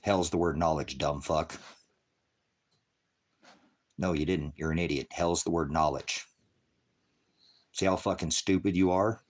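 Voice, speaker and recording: A man's voice: a bass voice, steady tone, a little slow, pauses often. Profane, combative man preaching to his chat. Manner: profane, combative, berating viewers; loud, swings between shouting and muttering. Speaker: livestream preacher. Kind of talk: ranting livestream preaching to chat.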